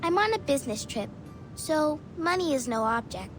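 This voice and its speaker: A woman's voice: sits high, very animated, moderate pace, faint music behind, pitched above the performer's own voice. A woman voicing a polite, talkative sheep-headed woman arcanist. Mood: chatty.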